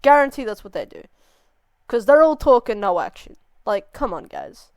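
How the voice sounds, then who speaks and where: A woman's voice: fairly high pitch, very animated, moderate pace, a little mellow, no echo. A young woman hosting a reaction video, ranting and swearing in exasperation. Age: young adult. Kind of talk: casual reaction commentary.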